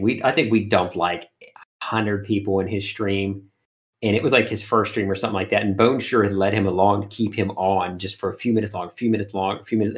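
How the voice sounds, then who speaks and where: A man, an art streamer, chatting in an interview and telling animated stories full of fillers. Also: lowish voice, a little fast. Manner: animated storyteller, many fillers. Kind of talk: casual interview chat.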